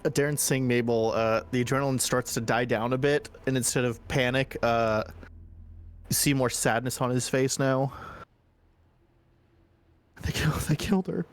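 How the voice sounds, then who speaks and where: A player in a tabletop game who speaks in character in halting, broken sentences. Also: mid-range voice, steady tone.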